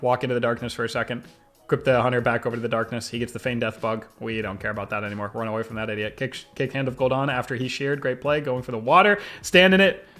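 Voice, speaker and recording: A young man commentating his own game replays in an excitable, fast-shifting way, often laughing. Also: medium pitch. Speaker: gaming video creator.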